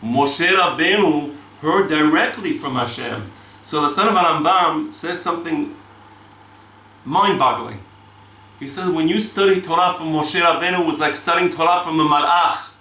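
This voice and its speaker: A man teaching a Torah class, swinging between loud exclamations and hushed asides and weaving Hebrew terms into his English. His voice is bright and sits at a middling pitch. It sounds set back from the mic in an echoing room with a faint hiss. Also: normal speed. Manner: dramatic, rhetorical questions, sweeping pitch for emphasis; sprinkles Hebrew terms and reads Talmud aloud. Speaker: rabbi teaching the weekly Torah portion. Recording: echoey room, mic at a distance.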